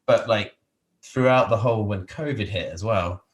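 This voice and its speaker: A man's voice: lowish voice, normal speed, echoey room. A man from England, a podcast guest, talking in a casual, rambling way with many fillers and restarts. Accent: English. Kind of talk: casual interview chat.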